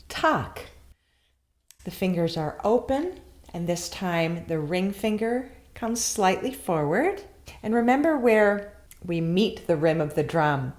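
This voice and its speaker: A woman teaching a beginner tambourine lesson, guiding calmly and chanting the rhythm syllables along with her playing. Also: on the low side. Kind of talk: instructional lesson. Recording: loud tambourine playing behind.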